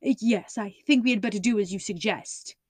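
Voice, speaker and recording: A woman's voice: medium pitch, normal speed, husky, no echo, natural voice. A woman doing a cool-headed male detective. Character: keen, commanding male detective, calm and cool.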